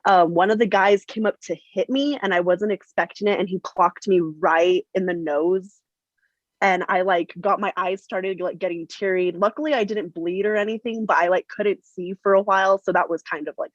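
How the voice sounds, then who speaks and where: A woman's voice: medium pitch, dry recording. A young woman wrestler from New Mexico chatting casually in an interview, upbeat and laughing often. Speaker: professional wrestler, guest. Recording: dull, muffled lo-fi sound.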